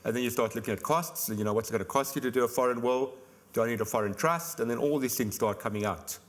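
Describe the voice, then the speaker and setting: A man, an insurance expert explaining things on a conference panel in a chatty way. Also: mid-range voice. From South Africa. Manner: fast, explanatory, chatty with "you know" fillers. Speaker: insurance company expert guest.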